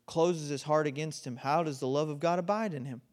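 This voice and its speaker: A middle-aged man preaching a sermon as pastor, swinging between loud, emphatic lines and quiet, intense stretches. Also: on the high side, brisk.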